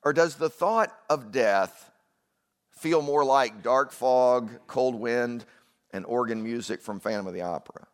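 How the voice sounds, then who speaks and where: Guy pastor giving a sermon, chatty and relaxed, lots of "right?" and "okay". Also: medium pitch, measured pace. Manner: conversational preaching with asides and rhetorical questions.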